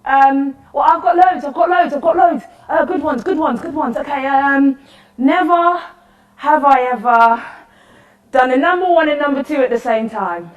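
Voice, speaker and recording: A woman's voice: high-pitched, moderate pace, lo-fi sound, close to an everyday voice. A woman performing a lonely, chatty woman at the end of the world in a solo interactive theatre monologue, rambling and apologetic. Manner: rambling, apologetic, nervously cheerful. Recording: echoey room, voice from far off.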